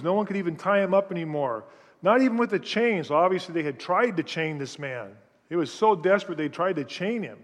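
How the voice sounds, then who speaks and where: Man, sermon, slightly high voice, animated storyteller, long hall reverb. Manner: animated storytelling, reads scripture aloud with frequent restarts. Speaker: preacher.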